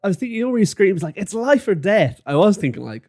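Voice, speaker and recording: A man co-hosting a football podcast in casual chat, laughing often and swearing in relaxed banter. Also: high voice, quick pace. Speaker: podcast co-host.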